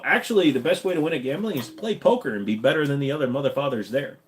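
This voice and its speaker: A man's voice: on the high side, lively intonation, racing, few pauses. A man with a slight Minnesota accent, hosting a casual live Q&A stream, tired and wisecracking, swearing offhandedly. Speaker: livestream host.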